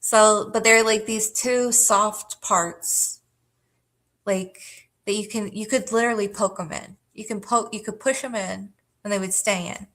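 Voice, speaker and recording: A woman's voice: medium pitch, fairly even intonation, unhurried, a bit bright. A woman hosting a livestream, telling a rambling personal story to her chat in casual, profane talk with lots of fillers and frequent laughter. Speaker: livestream host.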